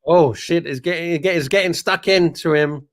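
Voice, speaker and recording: A man's voice: fairly high pitch, normal speed. A man co-hosting a livestream, bantering casually and reacting with swearing and exclamations. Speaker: livestream co-host.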